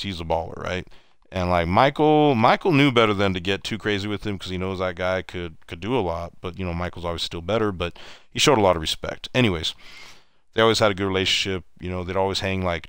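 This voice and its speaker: A man with a very low, smooth and resonant voice rambles through a story as he plays, restarting sentences as he goes. The sound is dry and close, with no room echo. He chats loosely and casually to his viewers. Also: a bit bright. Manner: mimics other people in raised voices when retelling stories. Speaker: streamer. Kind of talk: casual storytelling over gameplay.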